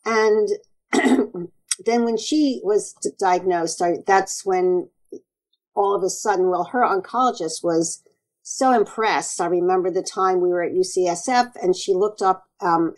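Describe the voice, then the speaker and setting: A woman naturopathic doctor speaking as an interview guest, earnest and animated, often acting out quoted exchanges. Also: on the low side, rough recording. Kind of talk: conversational interview.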